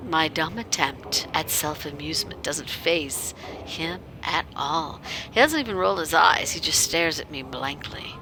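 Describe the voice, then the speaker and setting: A woman's voice: sits low, animated, unhurried, hardly any pauses, noisy background. A woman narrating her character in the first person during a tabletop game, wry and sardonic, often dropping into a whisper. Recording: clear music behind.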